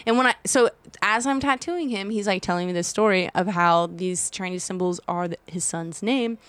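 A woman's voice: lowish voice, normal speed, fairly bright tone, clean tone, no echo. A young adult woman, a tattoo artist, telling a story in casual podcast chat, swearing freely and acting out her own reactions.

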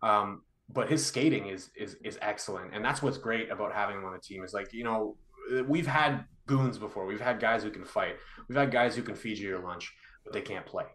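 Low-voiced man in an echoey room. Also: a bit bright. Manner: analytical, measured, filler-heavy. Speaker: co-host. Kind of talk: casual hockey livestream chat.

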